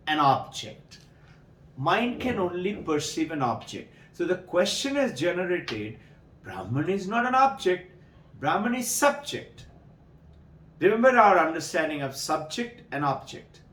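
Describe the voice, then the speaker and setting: Animated spiritual teacher, man. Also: fairly high pitch, roomy sound, poor audio. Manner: animated storytelling, acts out voices in parables. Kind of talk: spiritual talk to devotees.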